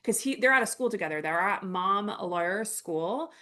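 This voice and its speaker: A woman's voice: medium pitch, moderate pace. A young woman co-hosting a podcast, recapping a film in casual chat and acting out lines from its scenes. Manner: animated retelling, quoting scenes in character. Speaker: podcast co-host.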